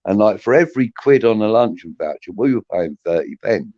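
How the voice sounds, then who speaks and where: A man's voice: fairly low pitch, lively intonation, fairly quick, darkish tone, no room sound. A man in his fifties from southeast England, telling rambling anecdotes in casual chat. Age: 50s. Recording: dry muffled lo-fi audio.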